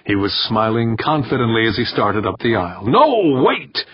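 A man narrating a novel in a steady, even storytelling voice. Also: lowish voice, fairly quick, husky, dry recording. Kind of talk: audiobook narration. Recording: dull, dry, slightly muffled recording.

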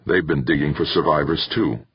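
A man voicing a grim, worn-out engineer in an audiobook, speaking flatly. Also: a bass voice, a little fast, husky, no echo, exaggerated voice. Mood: muttering. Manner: grim, flat. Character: grim, exhausted male engineer taking the blame. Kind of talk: audiobook character voice. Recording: muffled dry recording.

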